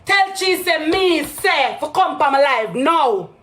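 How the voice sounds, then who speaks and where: A woman with a Jamaican accent on a heated live-stream rant, repeating accusations and breaking into loud outbursts. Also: high voice, lively intonation, slow, echoey room.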